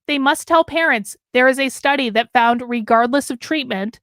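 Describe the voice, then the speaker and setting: A woman's voice: high-pitched, moderate pace, fairly bright tone, no room sound, studio quality. A woman hosting a live commentary stream, emphatic and losing her voice, reading out and answering chat. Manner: emphatic, talks with her hands. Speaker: host.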